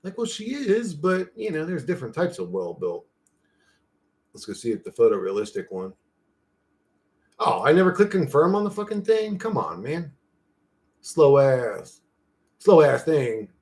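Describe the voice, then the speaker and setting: A man's voice: a little high, big pitch swings, a little slow, pauses often, darkish tone. Rambling, foul-mouthed guy chatting casually. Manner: loose, profane, talks to himself while clicking through an image generator. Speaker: channel host.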